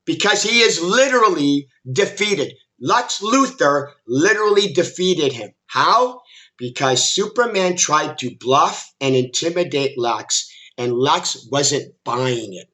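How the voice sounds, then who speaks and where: A man delivering an opinionated commentary vlog in a bright, forceful, slightly high voice. He takes his time, talking slowly and emphatically, and he repeats his points while mocking his audience in a combative tone. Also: animated. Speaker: commentary vlogger.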